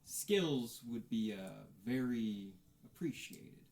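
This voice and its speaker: A man's voice: mid-range voice, lively intonation, takes it slowly, creaky, a little mellow. A man playing a hesitant small-town priest. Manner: hesitant, filler-heavy delivery. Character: middle-aged human male town priest, calm.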